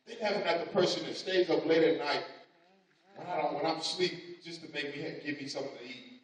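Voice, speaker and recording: A man's voice: fairly high pitch, a little fast. A man preaching a sermon, telling a story and speaking the mother's and daughter's lines in his own voice. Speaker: pastor. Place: church sanctuary. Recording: echoey church hall, mic from a distance.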